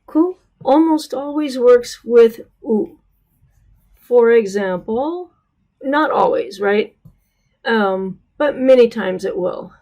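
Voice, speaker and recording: A woman's voice: a little high, animated, slow, warm tone, dull audio. A woman with an American accent teaching pronunciation, patient and careful, stretching out model words and checking in with "right?". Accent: American English. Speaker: Spanish teacher. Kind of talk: slow, careful pronunciation lesson.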